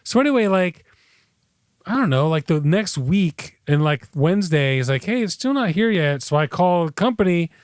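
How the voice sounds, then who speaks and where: Man ranting on a podcast, acts out voices, swears a lot, smooth voice, dry close mic. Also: sits high, normal speed, dry recording. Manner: animated storytelling, acts out quoted people, swears often. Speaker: podcast co-host. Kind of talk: casual chat. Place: South Florida.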